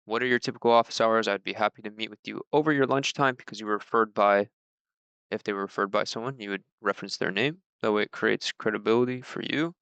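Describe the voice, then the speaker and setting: A man talks through sales objections in a relaxed, conversational way. His voice is bright and smooth, and the recording is dry with no room sound. He lifts his pitch a little whenever he reads out a sample script. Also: quick pace, no room sound, highs cut off. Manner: loose and conversational with fillers. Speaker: mortgage sales trainer. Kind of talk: casual instructional talk.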